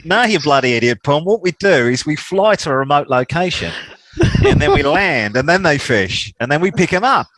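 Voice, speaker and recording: A man putting on the voice of a blunt Australian woman helicopter pilot, loud and scolding. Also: a little high, big pitch swings, moderate pace, no room sound, voice pushed up.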